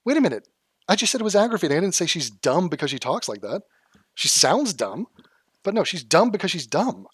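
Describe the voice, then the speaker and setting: A man's voice: high-pitched, sing-song, a little fast, breathy edge, no room sound, studio quality. A man from Los Angeles doing sarcastic, profane reaction commentary, mocking clips he reacts to. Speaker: commentary youtuber.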